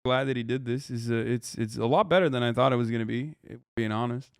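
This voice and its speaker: Smooth-voiced man giving casual, profane commentary. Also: medium pitch, steady tone, fast, no room sound, clean studio sound. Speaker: streamer host.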